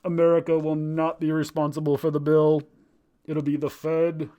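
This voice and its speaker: A man's voice: fairly high pitch, completely flat delivery, normal speed, highs cut off, lightly acted. A man doing a blustery politician impression. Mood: pompous. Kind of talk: mock interview impression.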